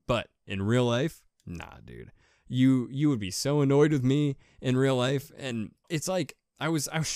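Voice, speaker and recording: A man in a casual solo monologue for his own podcast, speaking at an ordinary mid pitch. He rambles and pokes fun at himself, doubling words as he restarts his thoughts. The recording is dry and close, with no room echo. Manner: rambling, self-deprecating, repeats words. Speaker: podcast host.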